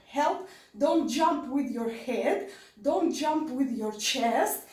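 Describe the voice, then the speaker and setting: Dance instructor, woman, high voice, slow and deliberate, mic set back in an echoey studio. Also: expressive, darkish tone, far from the mic. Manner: repetitive coaching cues, counting beats. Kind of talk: online dance class instruction.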